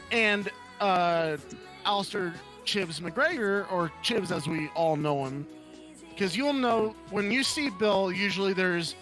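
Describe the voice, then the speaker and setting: A man's voice: high voice, fairly bright tone. A man from Louisiana with a mixed Louisiana and Texas accent, telling rambling stories as a guest in a casual live-stream interview. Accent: Louisiana and Texas Southern US. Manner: storytelling, rambling with fillers. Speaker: guest, roleplay gang member.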